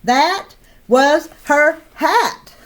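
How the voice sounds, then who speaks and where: A woman reading a children's picture book aloud in a slow, expressive way. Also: sits high. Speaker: storyteller.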